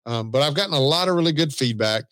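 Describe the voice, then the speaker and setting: A man's voice: on the high side, expressive, fast talker, fairly bright tone, no room sound. A man with a Southern US accent co-hosting a podcast in easygoing, self-deprecating casual chat. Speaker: podcast co-host.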